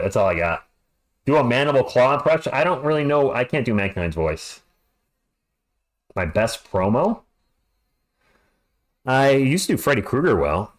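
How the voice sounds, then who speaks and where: A man's voice: mid-range voice, big pitch swings, normal speed, long pauses. A middle-aged man doing live play-by-play commentary for a stream, chatty and jokey between calls.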